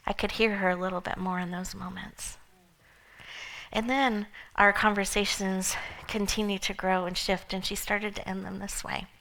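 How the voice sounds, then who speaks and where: A woman hosting an event and telling a personal story earnestly, at times softening almost to a whisper. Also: mid-range voice, level tone, normal speed, poor audio. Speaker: event host and speaker. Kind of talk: heartfelt personal storytelling talk.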